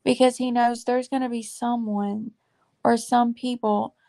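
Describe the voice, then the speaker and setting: A woman in her forties giving a heartfelt faith testimony to her viewers, earnest and confiding, halting with fillers and saying y'all, close to tears. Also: on the high side, flat delivery, warm tone. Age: 40s. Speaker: faith vlogger.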